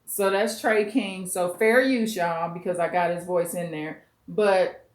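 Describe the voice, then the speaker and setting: A woman's voice: lowish voice, measured pace. A woman hosting a vlog, commenting bluntly and emphatically on a clip, with some profanity. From US West Coast. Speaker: commentary channel host. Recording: roomy echo.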